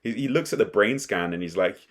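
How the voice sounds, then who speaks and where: A young man casually recapping and reacting to an anime episode, rambling and excitable with frequent restarts. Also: lowish voice, brisk. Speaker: anime commentator.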